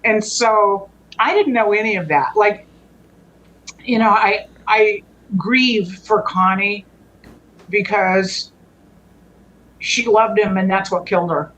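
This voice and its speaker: A woman's voice: medium pitch, slow pace, pauses often, fairly bright tone, muffled recording. Earnest woman guest telling a rambling story. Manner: rambling, frequent restarts and self-corrections. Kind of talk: conversational storytelling.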